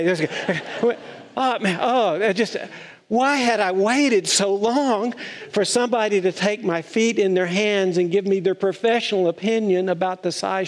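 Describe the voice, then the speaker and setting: A man's voice: high-pitched, big-room sound. A man preaching a chatty, playful sermon to his congregation, telling stories with a light touch. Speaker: pastor. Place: church sanctuary.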